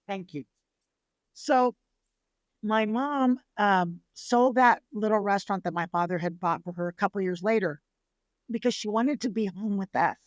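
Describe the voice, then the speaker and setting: A middle-aged woman from San Antonio, Texas, a restaurateur telling her family's history in a relaxed interview, lively and acting out the people she quotes. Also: mid-range voice, normal speed, no room sound. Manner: lively storyteller who acts out family quotes. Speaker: restaurateur guest. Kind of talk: casual storytelling interview.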